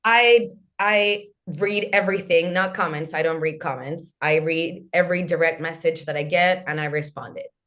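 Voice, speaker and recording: This thirtysomething woman from Chile joins a podcast by video call, telling stories in English in a casual interview. Her low voice runs at a moderate pace with hardly any pauses, animated and thick with "like" and restarts.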